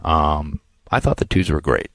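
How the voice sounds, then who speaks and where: A man with an extremely deep voice co-hosts a podcast in easy, casual chat. He tells stories with animation, then sinks into a quiet murmur when he turns reflective. The sound is close and dry. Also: big pitch swings, unhurried, vocal fry, dry recording. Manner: storytelling, drops to a near murmur when reflective. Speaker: podcast co-host.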